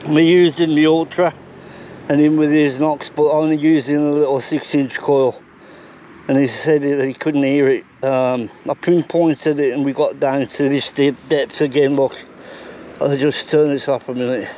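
A chatty, excitable man with a fairly high voice, out of breath from digging and talking straight to his viewers. He is outdoors on a camera mic, with a faint hiss of open air behind him. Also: normal speed, dull audio. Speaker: metal detecting vlogger. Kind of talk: casual outdoor vlog commentary. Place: outdoors in a field.

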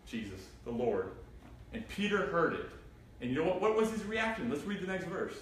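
A man's voice: sits high, moderate pace. A man preaching an interactive Bible study, reading scripture and asking the group questions. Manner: animated, asks the group questions, reads scripture aloud. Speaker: pastor. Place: church room. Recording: echoey room from far off, faint noise.

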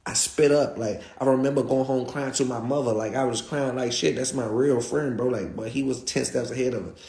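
A young man, a guest telling a story in animated, slangy style and repeating himself. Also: mid-range voice, fairly quick, echoey room. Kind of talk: street storytelling.

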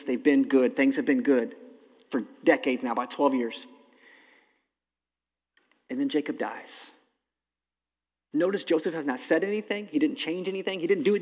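A man preaching a sermon as pastor, impassioned, swinging between loud emphasis and hushed, slow lines. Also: medium pitch. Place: church sanctuary. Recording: long hall reverb.

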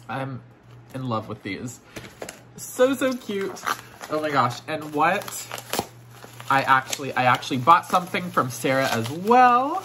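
A man unboxing vintage toys in a casual vlog, effusive and gushing, often dropping into breathy near-whispers. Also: a little high, noisy background. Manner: gushing, effusive, repeats "oh my gosh". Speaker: vintage toy collector and seller.

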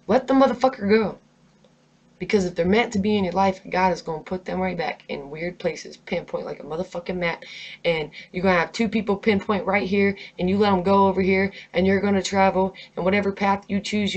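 A woman rants to her camera in a heated, emphatic voice, swearing constantly as she vents her stress. Her pitch sits in a middle range, neither high nor low, and she leans hard on her words. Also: darkish tone, muffled recording. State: angry, stressed. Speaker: vlogger. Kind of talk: unscripted rant to camera.

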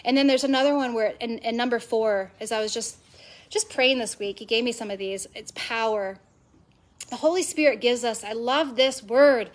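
Before a live audience at an event venue, a woman from women's ministry preaches at normal speed in a voice on the high side. The delivery is emphatic and passionate, with phrases repeated and stacked together.

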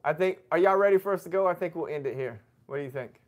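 A man with a slightly high voice talks fast while hosting a casual family livestream. He's chatty, reading viewer messages aloud and giving shout-outs.

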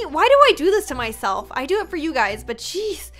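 A woman giving excited, dramatic gameplay commentary as a YouTuber, often mocking herself. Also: sits high, brisk, hardly any pauses, faint music behind. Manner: animated, dramatic, self-mocking. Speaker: gaming YouTuber.

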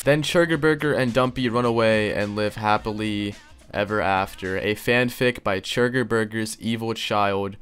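A man's voice: lowish voice, moderate pace, a bit bright, clean tone, soft background music. Crude, joking young man reading fanfic. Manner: crude, sarcastic, joking asides. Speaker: YouTube host. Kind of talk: reading fan fiction aloud with reactions.

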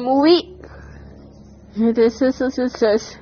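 Woman, high-pitched, very animated, exclamatory, swears, muffled recording. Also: slow pace. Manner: excitable, exclamatory, swears in bursts. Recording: dull lo-fi audio with faint music.

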